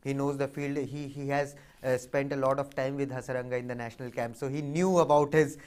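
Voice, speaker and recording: A man's voice: mid-range voice, level tone, brisk, darkish tone, clean tone. A man co-hosting a live fantasy cricket show in a studio, talking casually, with frequent fillers and repeated words. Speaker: cricket analyst co-host.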